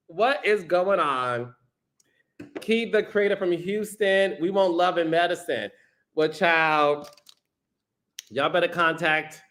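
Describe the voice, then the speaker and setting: A man's voice: high voice, sharp tone. A man hosting a live stream, reading out viewer comments in a sassy, playful way and calling people honey and child. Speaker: podcast host.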